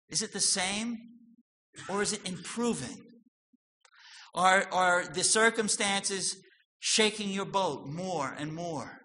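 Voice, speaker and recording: Male preacher, fairly high, tense bright voice, loud-then-soft delivery, long hall echo. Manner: swings from loud emphatic lines to soft low asides. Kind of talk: sermon. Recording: long hall reverb with faint noise.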